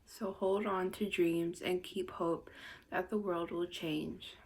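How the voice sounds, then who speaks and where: A woman's voice: lowish voice, fairly even intonation, slow, background noise. A teenage girl with a Philadelphia accent, a ninth grader, earnestly reading her own poem. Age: teens. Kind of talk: poetry reading.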